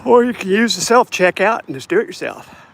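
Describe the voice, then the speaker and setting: A man's voice: high-pitched, animated, brisk, creaky, a bit bright. A man chatting casually to viewers as he walks down a residential street. He rambles along, sounding a little tired. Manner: rambling, chatty, talks to viewers while walking. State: tired, yawning. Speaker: vlogger. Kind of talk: casual walking vlog. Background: passing cars and traffic.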